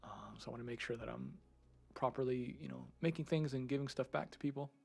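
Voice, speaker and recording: A male streamer chats loosely with his viewers, rambling and laughing often. His voice is gravelly and somewhat husky, at an ordinary pitch. He swears casually and restarts his sentences often. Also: fast talker, darkish tone. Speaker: streamer and 3D content creator. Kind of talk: casual live-stream chat.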